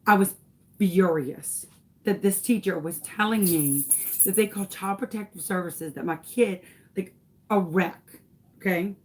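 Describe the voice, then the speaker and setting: A woman's voice: mid-range voice, a little slow. A young adult woman hosting a crafting video, telling a dramatic story while she works and acting out the people in it. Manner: dramatic, animated retelling with acted quotes. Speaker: crafting channel host.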